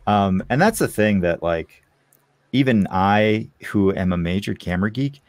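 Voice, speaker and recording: A man guesting on a podcast, chatting casually and telling candid, animated stories. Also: fairly low pitch, unhurried, dry recording.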